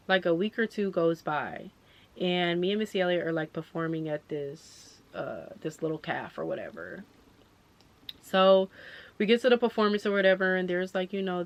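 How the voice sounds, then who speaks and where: A woman's voice: lowish voice, a bit bright. A young woman telling a storytime on her vlog, swearing freely and quoting others in her own voice. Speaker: vlogger.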